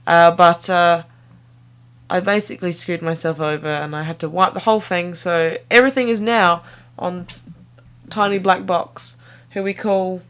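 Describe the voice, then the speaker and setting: A young woman vlogger rambles casually to the camera, playful and self-mocking, jumping from one tangent to another. Her voice is fairly low in pitch, clear and resonant.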